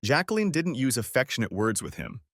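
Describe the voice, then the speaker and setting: Lively male audiobook narrator. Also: medium pitch, brisk, no echo, studio quality.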